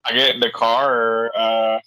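A man with an average-pitched voice, recorded close and dry. He co-hosts a podcast in relaxed, hesitant chat. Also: slow, clean tone, dry recording, poor audio. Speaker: podcast co-host.

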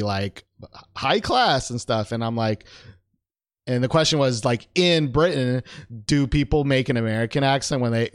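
A man hosts a casual call-in chat, joking around and laughing between his lines. His voice swings lively up and down. The sound is dry and close to the mic. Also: mid-range voice, no echo. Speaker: host.

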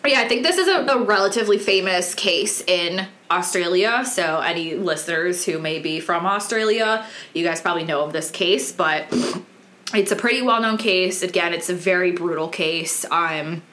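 A woman's voice: fairly low pitch, moderate pace, fairly bright tone. A woman hosting a true crime podcast, telling the case in a candid, casual way with many ums. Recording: roomy echoey room.

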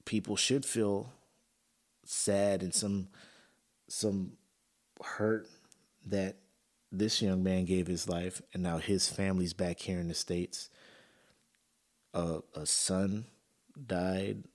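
A man's voice: deep voice, level tone, takes it slowly, pauses often, darkish tone. A man hosting a podcast, talking earnestly and emotionally in a personal monologue, with casual fillers and swearing. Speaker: podcast host.

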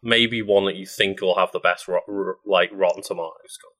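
A man with a low, bright and forceful voice co-hosts a relaxed podcast. He reads out film facts as he goes, filling gaps with ums and pauses, and keeps the talk loose and conversational. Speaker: podcast co-host. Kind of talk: casual chat.

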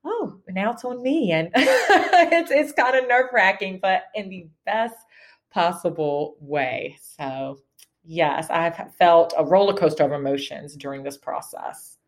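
A middle-aged woman who is a first-time children's book author chats in a casual interview, animated, laughing often and repeating words as she starts. Her pitch is fairly low and her pace measured.

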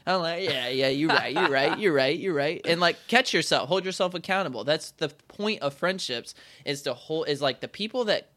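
A man's voice: a little high, animated, moderate pace, hardly any pauses, bright, forceful tone. A man in his twenties talking through a casual chat, rambling with many restarts and acting out quoted voices.

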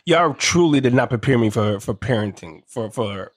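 Husky-voiced man giving laid-back advice. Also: mid-range voice, expressive, moderate pace. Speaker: podcast co-host. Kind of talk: casual chat.

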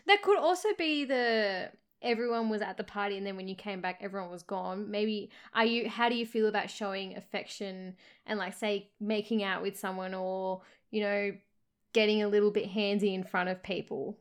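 A woman's voice: mid-range voice, normal speed, clear, resonant tone. A woman, co-hosting a casual podcast chat, teasing and giggly. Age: late 20s. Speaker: podcast co-host.

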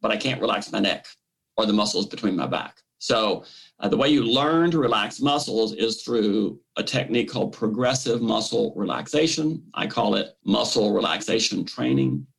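A man, a misophonia therapist, explains treatment in an interview, speaking in a lively way and acting out inner voices in quotes. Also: on the low side, moderate pace, vocal fry, husky, rough recording. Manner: animated, acts out the brain's voice in quotes.

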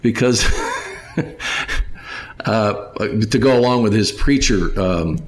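A man hosting a podcast in casual chat, rambling along with many pauses and restarts and speaking to the listeners as folks. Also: on the low side. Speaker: podcast host.

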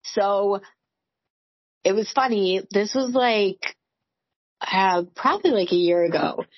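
A woman's voice: medium pitch, expressive, takes it slowly, breathy edge, dry recording, muffled recording. A woman in her forties, a podcast co-host, telling candid stories in casual chat, full of "like" and swearing. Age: 40s. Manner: candid, swearing, storytelling with lots of "like".

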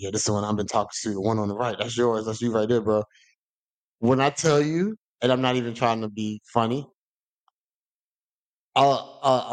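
On his podcast, a man tells a long, funny story in a casual way, animatedly performing the voices of the people in it with big jumps in pitch.

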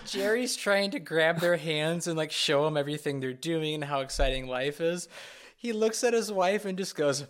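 Eager higher-voiced man talking movies. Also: moderate pace. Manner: enthusiastic, laughs while speaking. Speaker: podcast co-host. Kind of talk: casual movie discussion.

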